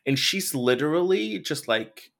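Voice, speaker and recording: A man's voice: on the high side, sing-song, a little slow, gravelly, a bit bright. A man co-hosting a podcast in casual chat, sassy and blunt, with slangy phrasing. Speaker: podcast co-host.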